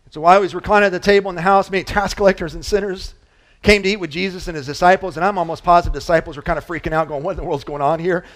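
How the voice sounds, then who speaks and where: A man preaching a sermon as pastor, conversational and animated, with frequent restarts and asides, swinging between loud emphasis and quiet low moments. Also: rapid-fire.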